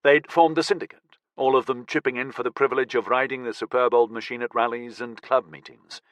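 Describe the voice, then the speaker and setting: A man narrating an audiobook in an even, measured reading. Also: medium pitch, dry recording. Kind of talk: scripted narration.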